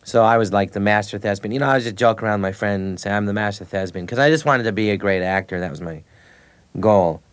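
In a casual interview, a comedian guest in his thirties tells anecdotes loosely and ramblingly, restarting lines and laughing between them. His voice sits on the low side and moves fast.

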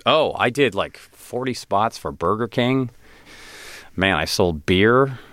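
A man, an actor guest on an interview show, telling animated, self-deprecating stories and acting out other people's lines. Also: fairly low pitch, takes it slowly, no room sound. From United States. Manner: animated, self-deprecating, acts out quoted voices. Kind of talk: casual interview storytelling.

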